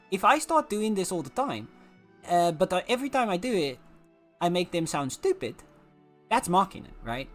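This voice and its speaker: South African man, streamer, slightly high voice, casual rambling chat, lots of fillers, soft music underneath. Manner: rambling, many filler words and restarts. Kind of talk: casual opinion chat while gaming.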